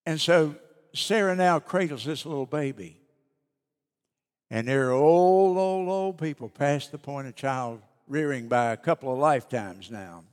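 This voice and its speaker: A pastor delivers an emphatic sermon in a slightly high male voice, repeating key lines slowly and letting them fall soft. The sanctuary gives his words a long, ringing reverb. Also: clear, resonant tone. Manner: emphatic preaching, slowing and dropping soft on key phrases. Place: church sanctuary. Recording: long reverb of a church hall.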